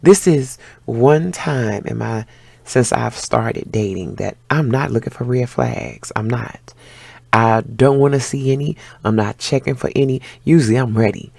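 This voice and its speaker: Gravelly, husky woman in her fifties. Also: very deep voice, measured pace, no echo. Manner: animated storytelling, swears casually. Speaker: vlogger. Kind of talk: casual life update to viewers.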